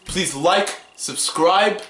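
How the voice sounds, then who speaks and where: A man's voice: high voice, very slow, a bit bright. A male vlogger talking casually and playfully to his viewers. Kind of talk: casual vlog. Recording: roomy, faint music.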